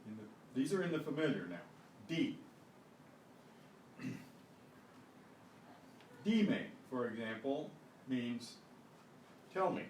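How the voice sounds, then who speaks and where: An older man teaching a Spanish class, slow and patient, often clearing his throat, recorded from a distance. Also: mid-range voice, big pitch swings, a little mellow. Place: classroom at a senior center. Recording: echoey room, mic at a distance, faint noise.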